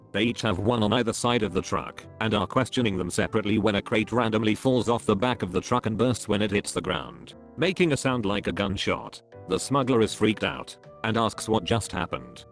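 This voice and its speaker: A man narrating stories read from online posts in a steady, even read-aloud delivery. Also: fairly low pitch. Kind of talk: scripted narration. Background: faint background music.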